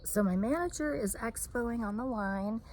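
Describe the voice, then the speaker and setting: A woman's voice: on the high side, normal speed, a little mellow, slight background noise. A woman who works as a restaurant server, chatting candidly through a storytime vlog outdoors in the shade. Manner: chatty, candid retelling with fillers. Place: outdoors, sitting in the shade on a hot day.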